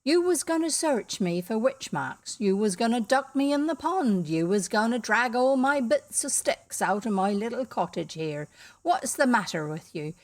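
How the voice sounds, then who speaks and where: A woman's voice: on the high side, expressive, normal speed, no echo, natural voice. Woman doing a sly rustic countryman. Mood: taunting. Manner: blunt, taunting country speech. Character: sly rustic English countryman, bold and mocking.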